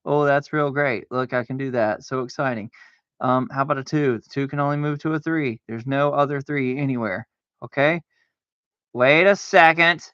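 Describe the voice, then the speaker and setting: Here a man with a steady, clear, resonant medium-pitched voice keeps a moderate pace as he plays solitaire on stream, narrating casually, arguing with himself, and bursting out in mock alarm. It's a dull, dry, lo-fi recording.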